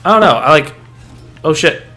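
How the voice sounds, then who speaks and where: A man's voice: fairly high pitch, expressive, normal speed, sharp tone, faint music behind. A man co-hosting while he plays, chatting casually and swearing at the game. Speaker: co-host playing the game. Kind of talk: casual gameplay chat.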